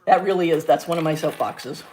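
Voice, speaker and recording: A middle-aged woman, a former science teacher, chatting on her livestream and telling a story from her school days in an animated, ranting way. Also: brisk, slight background noise. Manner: animated, ranting storyteller with big pitch jumps. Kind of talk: casual chat on a livestream.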